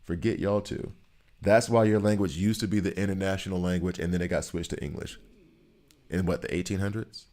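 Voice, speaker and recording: A man, a gaming streamer, chatting casually and ranting in an animated way, firing off rhetorical questions. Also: low-pitched, a little fast. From United States. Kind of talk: casual chat while gaming.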